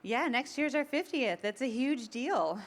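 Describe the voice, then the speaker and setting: A woman's voice: high voice, animated, measured pace. A woman being interviewed, telling stories in a chatty way with frequent ums and laughs. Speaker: event organizer. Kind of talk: casual interview.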